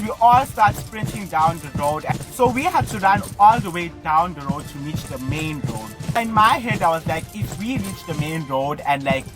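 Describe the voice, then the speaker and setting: Brief: young South African guy, vlogger, rapid animated storytelling, swears a lot, faint music underneath. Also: high voice. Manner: animated, breathless retelling full of swearing and fillers. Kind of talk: casual storytelling.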